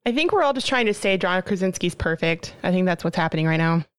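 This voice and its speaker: A woman's voice: on the low side, lively intonation, fast, clean tone, no echo, studio quality. A woman co-hosting a podcast, chatting casually and agreeably. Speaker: podcast co-host. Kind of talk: casual chat.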